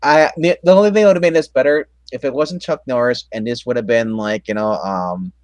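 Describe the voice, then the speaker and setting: A man in a mid-range voice co-hosts a casual movie chat, talking haltingly with many fillers and slipping into little acted-out bits of scenes. The recording is dry and close-miked. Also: mid-range voice, darkish tone, dry recording. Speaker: co-host.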